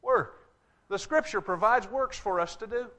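A male preacher delivering a sermon, reading scripture aloud and slowing down hard on key words for emphasis. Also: sits high, fairly bright tone. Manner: emphatic, slows to stress scripture quotes.

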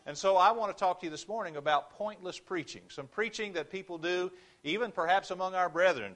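A man's voice: a little high, a bit bright. A man preaching a sermon in church, earnest and emphatic, driving points home with repeated phrases.

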